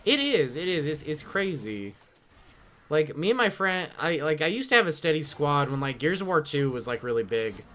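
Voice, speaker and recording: Man, gaming streamer, bright voice, slightly high, rambling casual chat, mimics quotes. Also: big pitch swings, normal speed. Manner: swears freely.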